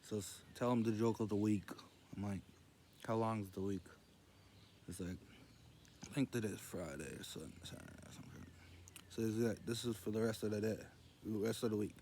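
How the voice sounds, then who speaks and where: A man telling rambling jokes in casual storytelling, meandering and loose as he quotes others in a low murmur. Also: moderate pace, long pauses, warm tone, a little hiss or hum.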